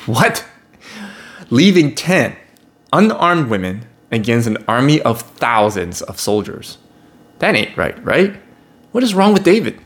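A man's voice: mid-range voice, a little slow. A man teaching a Bible lesson, reading passages aloud and breaking in with wry, conversational remarks. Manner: animated, wry, conversational asides. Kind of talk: reading scripture with casual commentary.

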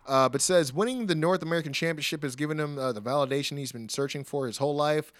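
A man hosting a podcast, recapping wrestling in casual, animated chat, laughing often and acting out quotes. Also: a little high, quick pace, no room sound, clean studio sound.

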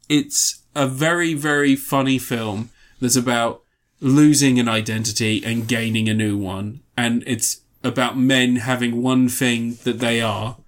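A young man co-hosting a podcast, casually and enthusiastically recounting film scenes with lots of fillers. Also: medium pitch. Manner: enthusiastic, rambling scene retellings with many fillers. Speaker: podcast co-host reviewing films. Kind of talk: casual chat.

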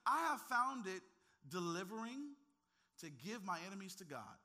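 A man preaching with a strikingly high, piercing voice that has a cutting, bright edge. He moves from quiet, conversational asides into impassioned, near-shouted climaxes. He talks straight to his congregation, teasing them along the way. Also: very animated, moderate pace. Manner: impassioned, swinging from hushed to shouting. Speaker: pastor. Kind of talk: sermon.

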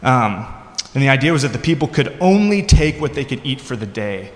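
A man delivers a relaxed, conversational sermon, often stopping to restart a thought or drop in a filler. His voice sits at an ordinary middle pitch. The room is roomy and echoing, with a long reverb trailing each phrase. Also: a little fast. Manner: casual, conversational preaching with frequent fillers and restarts. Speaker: pastor. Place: church hall. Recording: echoey hall with long reverb.

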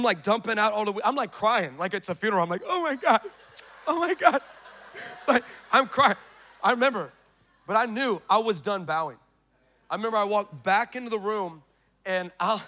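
Man preaching at church, high voice, jokey and loud with the crowd. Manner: animated storytelling, joking and shouting to the crowd. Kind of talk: sermon. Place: church service in front of a congregation.

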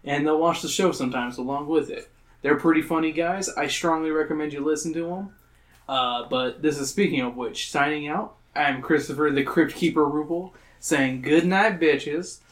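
A young male podcast host reads a spooky kids' gamebook aloud to his friends, slipping into playful character voices and frequent profanity. His voice sits a little high for a man, and he breaks into laughter often. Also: normal speed.

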